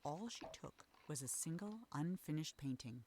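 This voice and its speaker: A woman narrating a game's fairy tale in a soft, measured storytelling voice over faint background noise. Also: sits low, expressive. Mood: wistful. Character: calm female storybook narrator, gentle and wistful. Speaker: game narrator.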